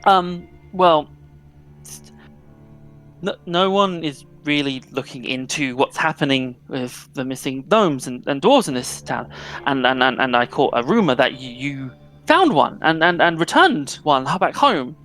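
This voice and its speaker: A man's voice: a little high, animated, a little slow, fairly bright tone, faint music behind. A man voicing a young female reporter in her late teens, stammering and apologetic. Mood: earnest.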